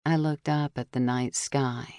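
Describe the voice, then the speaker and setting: A woman reading a first-person mystery audiobook, telling the story steadily and clearly while voicing the dialogue. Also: rumbling low, steady tone, a little slow, a little mellow, dry recording, studio quality. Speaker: audiobook narrator.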